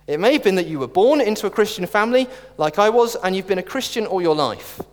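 A man's voice: high voice, lively intonation, fast. A middle-aged man preaching a sermon in a church, earnest with wry asides and jokes. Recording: reverberant church hall.

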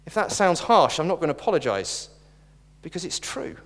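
A man's voice: a little high, very animated, moderate pace. A middle-aged man preaching a sermon in a church, earnest with wry asides and jokes. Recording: reverberant church hall.

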